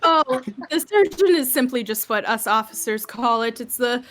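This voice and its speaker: A woman acts out a gracious ship captain in a tabletop game. The captain speaks in a polite, formal way, with a voice that sits high. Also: animated, moderate pace, fairly bright tone.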